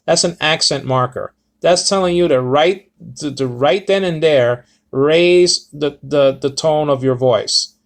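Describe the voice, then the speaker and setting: A man's voice: fairly high pitch, a little slow. A man giving a casual Bible Greek lesson, rambling and correcting himself with many fillers. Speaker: Bible teacher.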